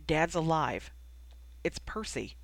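Reader doing a short-tempered young guy, grim, clipped n low, no room sound. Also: expressive, gravelly, no echo. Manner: terse, low and rapid when breaking news.

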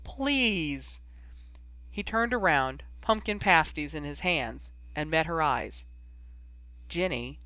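Male audiobook reader, bright and somewhat high, even storytelling. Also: a little slow, hardly any pauses, clear, resonant tone, no room sound. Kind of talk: audiobook narration of fan fiction.

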